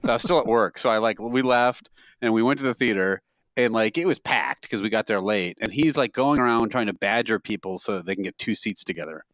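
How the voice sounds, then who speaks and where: This podcast co-host has a voice on the low side and a fairly bright tone, and he speaks briskly. In a casual chat, he rambles through funny stories and laughs at his own jokes, recorded on a dry, slightly dull mic with no room sound.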